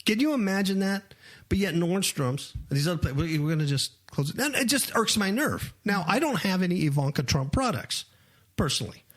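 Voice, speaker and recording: A man's voice: high-pitched, lively intonation, fairly quick, fairly bright tone. A man co-hosting a talk radio show, ranting animatedly with frequent laughs. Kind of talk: opinionated talk radio chat.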